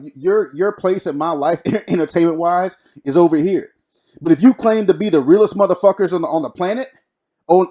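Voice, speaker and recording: A man co-hosting a podcast in a relaxed, slangy way, often restarting his sentences. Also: high voice. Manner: laid-back, slangy, hesitant restarts. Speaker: podcast co-host. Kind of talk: casual chat.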